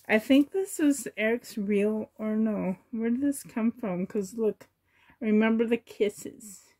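A woman chatting to herself and her viewers while sorting doll clothes, sentimental and softly laughing. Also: fairly high pitch, slow. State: emotional, choked up. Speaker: reborn doll collector vlogger.

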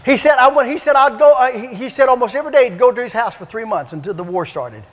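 A man evangelist preaching and telling stories in an animated, repetitive, emphatic way in a church. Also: very high voice, quick pace. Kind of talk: preaching with storytelling. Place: church sanctuary. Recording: long church-hall reverb.

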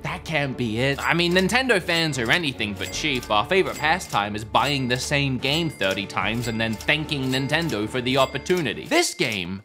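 A man's voice: mid-range voice, lively intonation, moderate pace, few pauses, sharp tone, faint music behind. A young adult man with an Australian accent, giving jokey, sarcastic video commentary as a gaming channel host.

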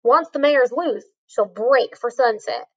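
A woman voicing a calm cowboy in a read-aloud storybook, with an easygoing drawl. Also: a little high, a little slow, husky, dull audio, full character voice. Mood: steady. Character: calm old-west cowboy man.

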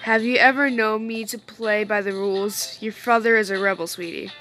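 A woman's voice: mid-range voice, steady tone, normal speed, fairly bright tone, soft background music, natural voice. A woman voicing a teasing young father in a game, joking with his daughter about breaking the rules. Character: playful rebellious young dad.

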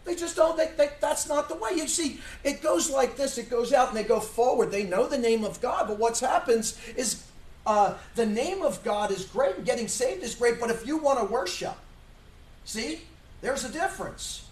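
A man pastor preaching a sermon, emphatic and full of rhetorical questions, at times shouting. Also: very high-pitched, animated, moderate pace. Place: church sanctuary. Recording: echoey church room from far off.

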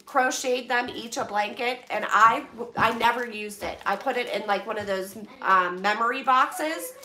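Gushing high-voiced woman in an echoey room. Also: moderate pace, sharp tone. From Pennsylvania, US. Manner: effusive, emotional, gushing thanks. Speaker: vlogger opening donated boxes. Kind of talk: casual chat to viewers. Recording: echoey room, mic at a distance.

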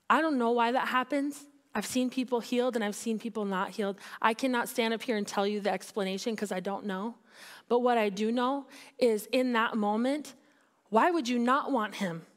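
A woman's voice: fairly high pitch, brisk. A woman pastor preaching a sermon in a candid, conversational way, building to emphatic peaks. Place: church sanctuary.

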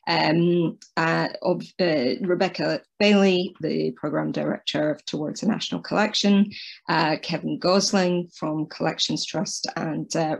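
A woman chairing an online round-table, speaking in a measured way with many hesitations. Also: low-pitched, husky, rough recording. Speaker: webinar panel chair.

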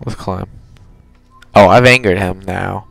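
Slow and gravelly, a deep male voice with a slightly bright edge narrates a casual let's play, rambling and self-correcting in a chatty way. The young gamer's low-quality recording is echo-free, with faint music in the background.

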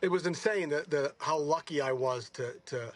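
A man's voice: a little high, normal speed. A man in his sixties telling rambling stories in a casual interview, correcting himself as he goes. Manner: rambling, self-correcting, animated. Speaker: golfer.

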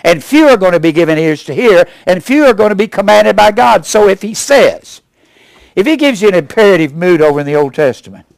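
An older male pastor in his seventies delivers a sermon with a wide-swinging, animated voice. He punches key words loudly, then drops to low, quiet asides. The sound is close and dry. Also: dry recording. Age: 70s. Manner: emphatic preaching, rising to loud punches then dropping low.

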